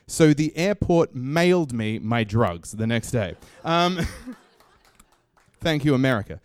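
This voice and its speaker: Comic Australian storyteller on stage. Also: male voice, a little high, clean tone, no room sound, studio quality. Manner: comic, animated storytelling with voices. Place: stage in a small venue.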